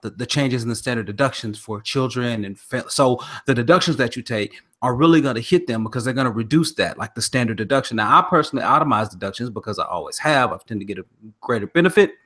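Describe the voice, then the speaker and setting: Male podcast host from the South, mid-pitched, earnest and rambling. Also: animated, fast, fairly bright tone. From American South. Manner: earnest, rambling, many restarts. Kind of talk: casual podcast chat.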